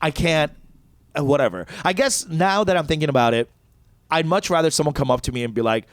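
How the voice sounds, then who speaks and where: A comedian co-hosting a podcast, a man telling a story in an animated, exasperated way and swearing freely. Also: on the high side, a little fast, no room sound, studio quality. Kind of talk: casual storytelling rant.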